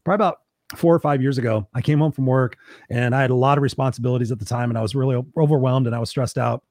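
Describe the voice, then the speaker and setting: A man's voice: mid-range voice, fairly even intonation, rapid-fire, a little mellow, no echo, studio quality. A man hosting a podcast interview, affirming his guest and telling a personal anecdote. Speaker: podcast host.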